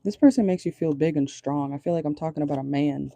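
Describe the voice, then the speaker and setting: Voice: medium pitch, fast, creaky, mellow, no room sound. A tarot reader giving a casual channeled reading from a car, talking bluntly, swearing and laughing often. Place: parked car.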